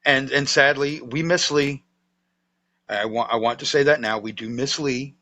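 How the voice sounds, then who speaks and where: A man's voice: mid-range voice, moderate pace, sharp tone. A man with a Southern US accent hosting a podcast, chatting in a folksy, joking way with frequent restarts. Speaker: podcast host, storyteller. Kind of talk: casual chat. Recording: slightly dull lo-fi audio.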